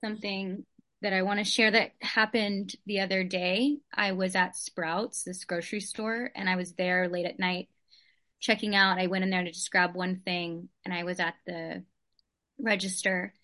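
A woman with a bright, clear voice shares a personal story with her study group. She talks in an earnest, chatty way, often reaching for "like" as she goes. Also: medium pitch, little pitch movement, moderate pace.

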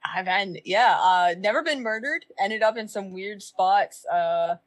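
A woman's voice: mid-range voice, unhurried. A woman from Canada in casual podcast chat, laid-back and frank, swearing casually.

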